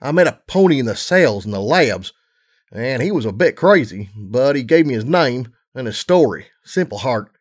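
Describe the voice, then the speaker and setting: A man's voice: medium pitch, animated, normal speed, natural voice. Man voicing a weary mother pony. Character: weary mother mare pony, gruff but loving.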